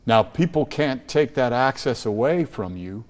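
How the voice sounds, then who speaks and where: A man's voice: mid-range voice, animated, measured pace, darkish tone. Emphatic American man, reverby room. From Chicago. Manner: emphatic storyteller, frequent restarts and repeated words. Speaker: guest, school trust leader. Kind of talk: podcast interview.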